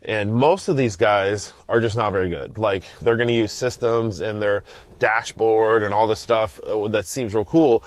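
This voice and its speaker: A man's voice: lowish voice, fairly even intonation, normal speed. A middle-aged man hosting a casual solo podcast, rambling in slangy talk with many restarts and fillers. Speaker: podcast host.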